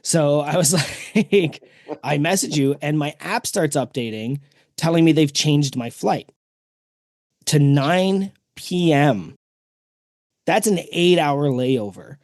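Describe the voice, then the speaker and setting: Animated man telling a story. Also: on the high side, takes it slowly, no room sound. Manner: animated storyteller, acts out quoted people. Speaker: podcast host. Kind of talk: casual storytelling chat.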